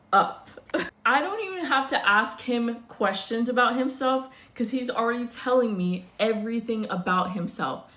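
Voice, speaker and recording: A woman's voice: mid-range voice, a bit bright, echoey room. A young woman telling a dating story in a casual, blunt, profane way, sounding exasperated.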